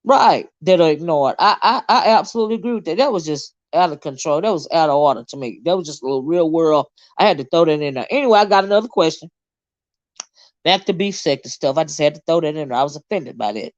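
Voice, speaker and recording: With a low voice and a fast delivery, this woman hosts a casual livestream, reading viewer comments and ranting angrily with plenty of swearing. Her manner is animated, and the dull-sounding audio carries no echo.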